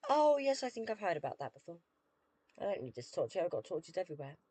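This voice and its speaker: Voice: mid-range voice, expressive, fast, a little mellow, slightly rough, no room sound. A British streamer chatting casually with viewers while playing a game, dry and self-deprecating.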